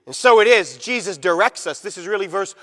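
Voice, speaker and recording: A man with a high voice delivers an emphatic sermon, moving from loud to quiet and stretching out key words. His voice rings with the long reverb of a large church sanctuary. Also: animated. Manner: emphatic preaching, swinging between loud and quiet, slowing for stress. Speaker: pastor.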